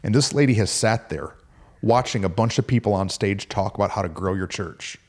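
A man, a pastor, co-hosting a casual faith podcast in a relaxed, conversational way. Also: lowish voice, fairly quick. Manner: relaxed and conversational, slips into animated quoted voices.

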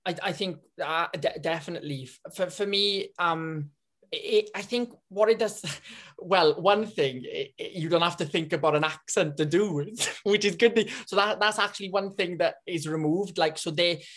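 A man's voice: high voice, normal speed, fairly bright tone. Guy actor, trips over his words a lot, chatty interview. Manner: hesitant, many restarts and fillers. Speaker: actor guest. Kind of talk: casual interview talk.

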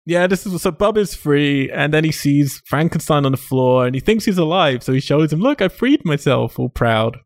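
Animated laughing man, dry mic. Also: fairly high pitch, normal speed, hardly any pauses, no echo. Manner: animated, laughing often, swears casually. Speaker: podcast host. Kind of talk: casual film discussion.

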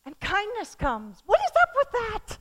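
A middle-aged woman preaching a sermon, swinging from loud calls to the crowd down to soft, hushed words. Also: extremely high pitch, a little slow. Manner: animated, shifting from loud calls to soft near-whispers.

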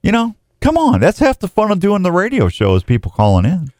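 A man's voice: high voice, wildly swooping pitch, a little fast, darkish tone, no echo. A man hosting a casual radio show, joking and rambling.

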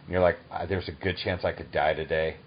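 A man in his thirties hosts a relaxed interview and talks eagerly, laughing often. His voice sits low, and the recording has a muffled, lo-fi sound. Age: 30s. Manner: enthusiastic and chatty, quick to laugh. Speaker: podcast host. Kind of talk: casual interview chat. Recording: dull lo-fi recording.

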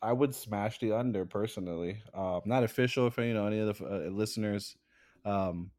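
A man's voice: on the low side, normal speed, a little mellow, no echo, studio quality. A man co-hosting a sports podcast in a laid-back casual way, going over betting lines. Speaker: podcast co-host.

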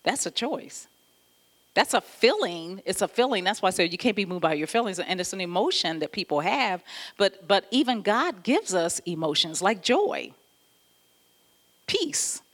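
A woman pastor giving an animated, conversational sermon, often laughing as she talks. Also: medium pitch, moderate pace.

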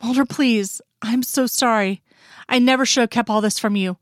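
A woman's voice: on the high side, normal speed, no room sound, natural voice. Woman reading a tearful grown daughter, apologetic and pleading, dry recording. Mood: remorseful.

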